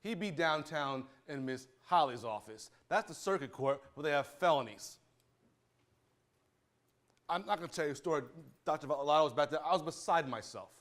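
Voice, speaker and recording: A fired-up man lectures students in a courtroom, his voice a touch high and swinging widely as he preaches. He stumbles and repeats himself when he gets worked up. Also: normal speed. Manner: fiery, preachy, stutters when excited. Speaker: judge. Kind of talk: animated courtroom talk to students.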